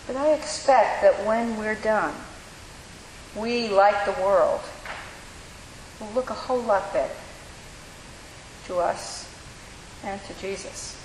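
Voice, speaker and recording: A woman pastor delivering a sermon, measured and reflective, pausing slowly for emphasis. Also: mid-range voice. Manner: measured, reflective preaching with slow emphatic pauses. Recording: echoey hall with faint hiss.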